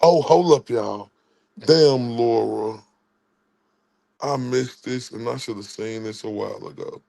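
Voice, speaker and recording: A gravelly man from Dallas, Texas hosts a livestream. He rants in heated bursts and hurls repetitive, profane insults. His voice sits at a middle pitch with heavy vocal fry. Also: slow, mellow. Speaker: livestream host.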